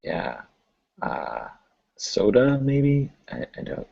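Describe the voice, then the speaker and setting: A man's voice: mid-range voice, huge pitch swings, very slow, gravelly, husky, exaggerated voice. A man playing a confused improv student who stammers and hesitates in a comedy sketch. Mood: unsure. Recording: lo-fi recording.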